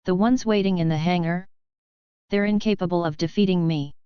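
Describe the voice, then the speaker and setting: Woman voicing a menacing male dark lord, cold, contemptuous, smooth, dry. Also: fairly low pitch, fairly quick, no room sound, highs cut off, lightly acted.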